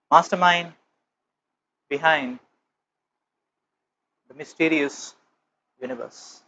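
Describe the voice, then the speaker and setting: A man giving a spiritual lecture as teacher, telling a parable with slow, emphatic, measured phrasing, on a dull lo-fi recording. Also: high voice, lively intonation, fairly bright tone, slight background noise.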